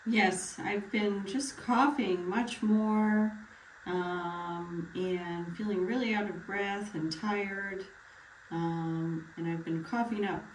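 Woman playing a retired patient, coughing and out of breath, short answers, mid-pitched, roomy echo. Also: fairly even intonation, takes it slowly, a little hiss or hum, lightly acted. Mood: tired. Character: retired older male patient with a bad cough. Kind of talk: mock doctor-patient role-play. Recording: echoey room, far from mic, faint ambience.

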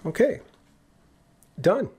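A man's voice: drawn-out words, darkish tone. A man giving a casual, jokey coding tutorial, talking through each step as he types. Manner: casual and jokey, talks while typing code. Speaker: programming instructor. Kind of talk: screen-recorded coding tutorial.

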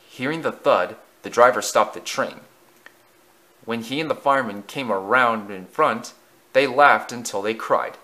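A man narrating a children's railway story in a lively, expressive reading. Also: mid-range voice, measured pace.

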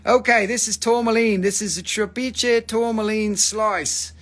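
A man's voice: sits high, fairly even intonation, unhurried, a bit bright. A man hosting a casual live stream that sells crystals, joking, rambling and swearing as he talks.

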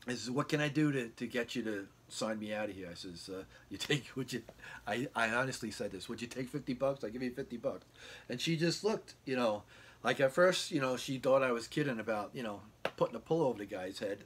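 A man's voice: mid-range voice, a little fast, slightly rough. A man casually telling a long rambling story from his bedroom, acting out the quoted dialogue with lots of fillers and restarts. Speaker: guitar vlogger. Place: home bedroom.

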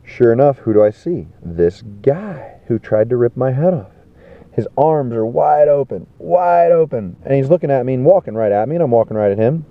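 A man telling a rambling festival story, animated and swearing, acting out the people he quotes. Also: medium pitch, normal speed, dry recording. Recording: tinny phone-like sound.

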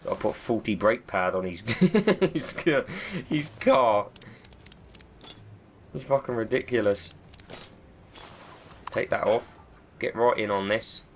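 A man's voice: fairly low pitch, a little hiss or hum. A man with a cold, giving chatty, self-mocking let's-play commentary and swearing often. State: has a cold. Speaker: gaming video host.

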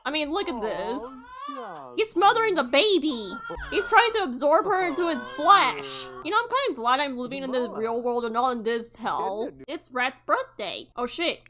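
A woman giving casual gameplay commentary, excitable and cursing freely, often laughing and shouting in mock outrage. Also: high-pitched, normal speed. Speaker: gaming YouTuber.

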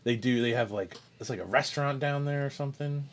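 A man's voice: mid-range voice, a little fast, a little hiss or hum. A man co-hosting a podcast, chatting casually about beers and rambling through his thoughts with restarts. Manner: rambling, chuckling, self-correcting. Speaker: podcast co-host. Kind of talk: casual chat tasting beer.

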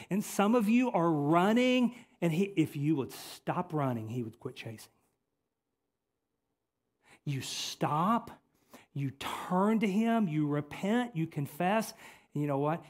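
A male pastor preaching a sermon, swinging between loud emphatic lines and quiet, intimate appeals. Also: on the high side. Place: church sanctuary.

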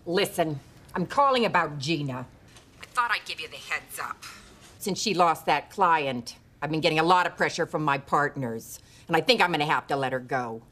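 A woman's voice: low-pitched, expressive, normal speed, fairly bright tone. A middle-aged actress playing a ruthless, greedy talent agent who bosses her staff with blunt threats in a sitcom scene. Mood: callous. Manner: brash and blunt, sudden threats. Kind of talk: sitcom acting.

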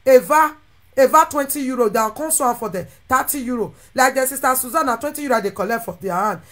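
Nigerian pidgin woman going off at her followers, kinda high voice, gets loud then drops low. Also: quick pace. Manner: animated, ranting, with sudden shifts between loud and quiet. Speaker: social media content creator. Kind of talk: impassioned monologue to followers.

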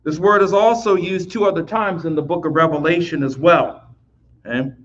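A man with a slightly high voice teaches a Bible lesson at normal speed, conversationally explaining the text, often restarting phrases and asking "right?". The recording is muffled, with a little hiss or hum.

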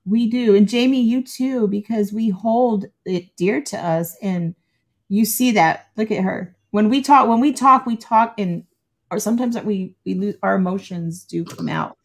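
A woman hosting a casual chat, gushing and retelling stories animatedly. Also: mid-range voice. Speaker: host.

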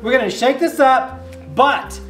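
A woman's voice: high-pitched, unhurried, soft background music, rough recording. A woman co-hosting a cocktail-making video, chatty, playful and enthusiastic. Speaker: cocktail show co-host, called captain. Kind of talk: casual cocktail-making chat.

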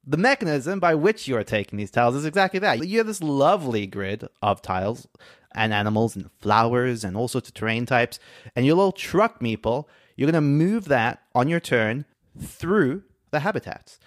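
A man co-hosting a board game podcast, explaining a game's rules in a relaxed, chatty way. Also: mid-range voice, no echo, studio quality. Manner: explanatory, quick-talking, laughs easily. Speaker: podcast co-host. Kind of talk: casual podcast chat.

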